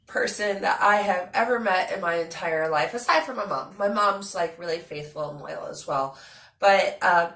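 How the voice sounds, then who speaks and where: A young woman chatting casually to her vlog audience, animated and talkative with lots of fillers. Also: mid-range voice, vocal fry, reverberant. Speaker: vlogger.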